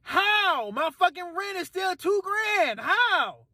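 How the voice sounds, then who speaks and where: A man with a notably high voice ranting in heated, cursing bursts, circling back to the same complaints and now and then shouting. The sound is dry and close, with no room echo. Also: very animated, slow pace. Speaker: commentator ranting to camera. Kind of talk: angry profane political rant.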